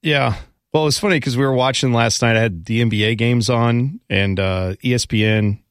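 A man's voice: mid-range voice, brisk, clean tone, no room sound. Dry-humored man on talk radio. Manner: rambling anecdotes, dry humor. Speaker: sports radio co-host. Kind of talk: casual radio banter.

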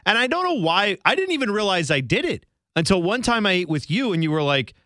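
A man's voice: high voice, very animated, fast talker, pushed and bright, no echo, clean studio sound. A man co-hosting a radio talk show, chatting casually in a rambling, self-deprecating way.

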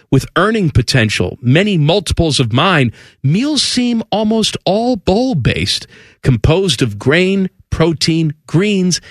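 A man's voice: fairly high pitch, no room sound, studio quality. A man co-hosting a radio show, reading a letter aloud and mocking it incredulously. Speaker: radio co-host. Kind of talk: casual chat, reading aloud.

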